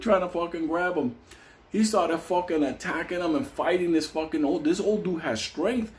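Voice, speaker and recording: A man's voice: high voice, normal speed. A man telling a comic, profane story, laughing often and acting out the voices. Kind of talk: casual comedic storytelling.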